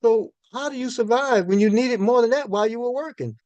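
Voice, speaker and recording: A man in his sixties with a fairly high voice, talking to an audience in a loose, folksy storytelling way. He repeats and restarts words as he thinks aloud. The sound is close and dry. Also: a little fast, a little mellow, dry recording, lo-fi sound. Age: 60s. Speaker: minister giving a finance talk.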